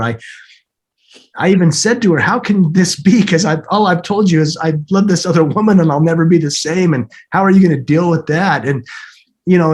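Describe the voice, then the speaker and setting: A man in his fifties, a podcast guest, telling an emotional personal story in an earnest way, often repeating words and laughing softly. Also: fairly high pitch. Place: home, snowing outside.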